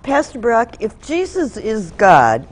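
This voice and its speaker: A woman's voice: on the high side, huge pitch swings, slow, husky. A woman co-host politely introducing a question segment and asking the pastor about scripture. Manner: polite, inquiring.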